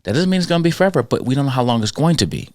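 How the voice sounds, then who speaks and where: A man hosting a podcast, telling stories about school kids in an animated, conversational way that slips into quoted voices. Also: medium pitch, rapid-fire, no echo, studio quality. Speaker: podcast host and school character-education speaker. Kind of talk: conversational storytelling.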